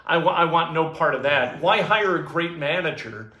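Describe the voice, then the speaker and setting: Animated, high-voiced, opinionated sports talker. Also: male voice, moderate pace, few pauses, reverberant. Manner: opinionated, blunt. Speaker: sports talk co-host. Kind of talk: casual sports chat.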